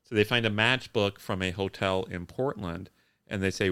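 A man's voice: on the low side, moderate pace, bright, forceful tone, clean tone. A man co-hosting a podcast, recapping a movie plot in casual chat with a dry manner. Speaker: podcast co-host.

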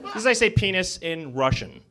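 High-voiced comic with a lively delivery. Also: male voice, a little fast, a loud crowd, heavy background noise. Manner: shouted mock-angry rhythmic chant. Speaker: stand-up comedian. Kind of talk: live stand-up comedy. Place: comedy club stage with audience laughing.

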